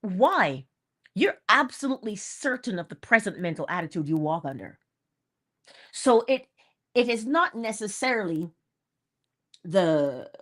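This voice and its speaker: On the low side with a fairly bright tone, this host leads a morning talk meant to inspire. She's casual yet emphatic, echoing her main phrases and breaking into laughter between ideas.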